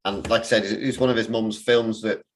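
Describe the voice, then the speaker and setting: Guy chatting about films, kinda low voice, lots of likes and restarts, faint hiss behind. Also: fairly even intonation, fairly quick, poor audio. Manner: rambling, many fillers and restarts. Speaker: podcast host. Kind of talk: casual chat.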